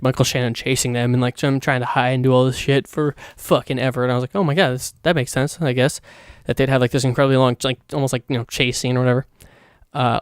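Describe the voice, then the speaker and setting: A man's voice: fairly high pitch, clear, resonant tone, dry recording, studio quality. A man hosting his own podcast, giving a casual, rambling, profane movie review full of fillers. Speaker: podcast host.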